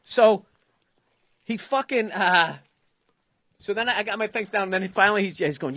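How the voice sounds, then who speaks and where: A man's voice: high-pitched, normal speed, pauses often, sharp tone, no echo. A man in his fifties with a Boston accent, telling a long comic story on a podcast, swearing freely and acting out the other people's lines. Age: 50s. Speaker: comedian, podcast host. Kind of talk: casual storytelling chat.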